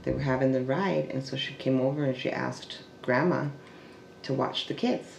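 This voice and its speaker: A man telling a family oral history in a halting way, full of restarts and trailing fillers, and sometimes dropping to a soft hush. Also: medium pitch, creaky. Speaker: family storyteller. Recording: echoey room with faint background noise.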